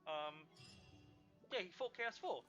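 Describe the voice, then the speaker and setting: Casting: male streamer, high bright voice, rambling gaming chatter, soft music under it. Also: animated, takes it slowly, lo-fi sound. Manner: rambling, thinking aloud with many restarts. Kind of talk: casual gaming commentary.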